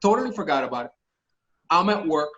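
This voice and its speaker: Man, podcast guest, high-pitched, animated storyteller, profane, muffled lo-fi audio. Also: quick pace. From Miami. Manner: animated, profane, acts out voices in his stories. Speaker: actor guest telling stories. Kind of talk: casual storytelling interview.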